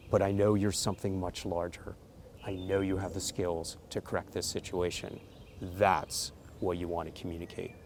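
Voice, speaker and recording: A parenting educator speaks to camera in a deep, darkish voice with a little hiss or hum on the recording. He coaches parents earnestly, putting emphasis on the key points.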